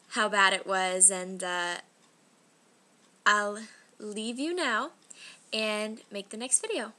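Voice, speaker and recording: A young woman telling a personal story to the camera in a chatty, animated vlog, often acting out the voices of people she quotes. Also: a little high. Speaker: vlogger.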